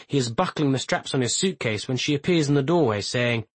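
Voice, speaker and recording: A man reading a literary novel aloud as its narrator, measured and even. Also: medium pitch, no echo, rough recording. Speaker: audiobook narrator. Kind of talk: scripted narration.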